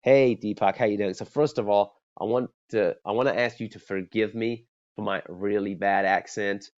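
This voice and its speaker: A man's voice: lowish voice, steady tone, moderate pace, a little mellow, lightly acted. A man voicing an apologetic, self-deprecating American male cold caller who rambles through his opener in a sales role-play. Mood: sheepish. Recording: dull lo-fi sound.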